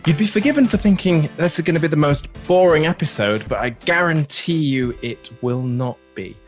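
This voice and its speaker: Podcast host, male, lively swinging pitch, slightly high voice, playful banter. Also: moderate pace, faint music behind. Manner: playful, self-deprecating, laughs often. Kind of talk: casual tech podcast chat.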